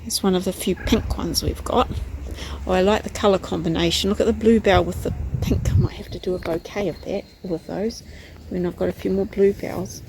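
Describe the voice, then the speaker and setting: A woman chatting casually in a vlog as she wanders her garden, rambling on and sometimes cooing at her pets in a high sing-song voice. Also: fairly even intonation, a little fast. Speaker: vlogger. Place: outdoors in a garden. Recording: outdoor noise with passing vehicles.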